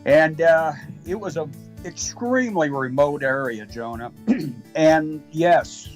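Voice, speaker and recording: A man as the guest of a call-in show, telling a deadpan comic tall tale slowly, rambling and full of fillers. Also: a little high, soft background music, low-quality recording. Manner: slow, rambling, with many fillers.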